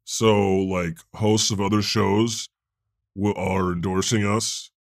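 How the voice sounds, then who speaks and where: A man's voice: fairly low pitch, gravelly, no room sound, studio quality. A man playing God, a chatty male deity who hosts an improvised comedy podcast. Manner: conversational, quick to laugh, animated. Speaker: host.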